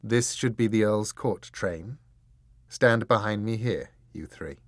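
A man's voice: on the low side, takes it slowly, dry recording, clean studio sound. A man doing a suave, sly rogue. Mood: commanding.

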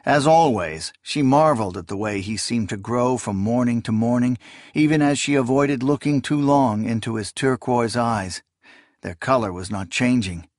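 A man reading a fantasy novel aloud as narrator, in a measured, steady storytelling delivery. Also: mid-range voice, no echo, clean studio sound. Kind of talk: scripted audiobook narration.

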